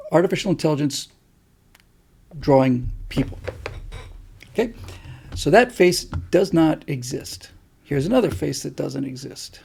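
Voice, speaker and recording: A man's voice: medium pitch, gravelly, darkish tone, breathy edge. A middle-aged man hosting a casual livestream, answering viewer comments in a rambling, enthusiastic way. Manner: rambling and enthusiastic, with many fillers. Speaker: host.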